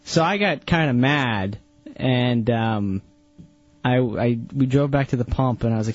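A man's voice: mid-range voice, a little slow, dry recording. A man on a radio show casually telling a story and teasing his co-host. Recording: dull lo-fi radio broadcast.

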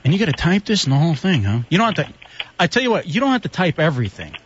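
A man's voice: on the high side, very animated, racing, a little hiss or hum. A man hosting a radio show, joking and giggly in loose banter. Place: radio studio. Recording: muffled lo-fi radio recording.

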